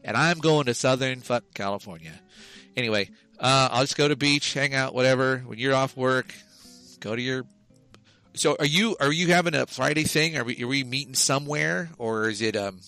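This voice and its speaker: Guy cohosting a podcast, bright voice, rambly and swears a lot, faint guitar behind. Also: mid-range voice, moderate pace. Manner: rambling, profane, jokey storytelling. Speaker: podcast co-host. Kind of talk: casual chat.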